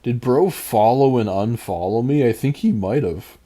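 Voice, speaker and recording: A man's voice: medium pitch, animated, normal speed, mellow. A man streaming a game, chatting casually and rambling as he reads and answers his chat.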